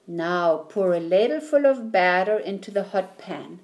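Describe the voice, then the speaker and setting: A woman voicing a patient, kindly mother calmly giving step-by-step instructions in a children's story. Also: medium pitch, measured pace, close to an everyday voice. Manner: calm, instructive.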